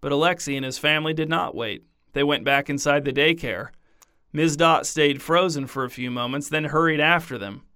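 A man narrating a story in a deadpan, scripted reading. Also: a little high, moderate pace, smooth, no echo, studio quality.

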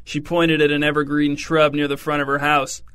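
Dude reading a funny story, dry deadpan, bright kinda high voice. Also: male voice, moderate pace, clean tone. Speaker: audiobook narrator. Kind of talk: scripted comic narration.

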